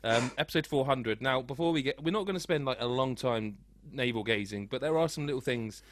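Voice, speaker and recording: A man's voice: medium pitch, a little fast, a little hiss or hum. A man hosting a casual video game podcast, chatty and self-deprecating, rambling with restarts. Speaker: podcast host. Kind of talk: casual chat.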